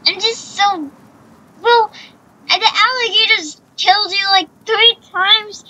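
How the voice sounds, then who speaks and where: A woman's voice: very high voice, steady tone, takes it slowly, bright, forceful tone, a little hiss or hum, poor audio. A woman giving casual commentary over a video game, rambling, repeating herself and talking to the character on screen. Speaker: gaming channel host.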